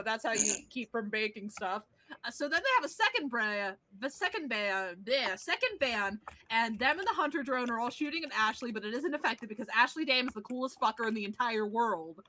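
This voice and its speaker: A woman player rattling off a recap of the last tabletop session, excited and swearing freely. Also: fairly high pitch. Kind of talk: casual chat.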